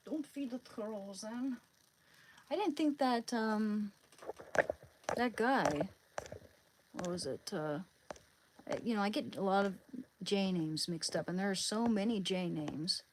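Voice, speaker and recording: A woman's voice: medium pitch, slow pace, long pauses, a little hiss or hum, low-quality recording. A woman live streaming, chatting casually with viewers in a rambling, hesitant way, often searching for words.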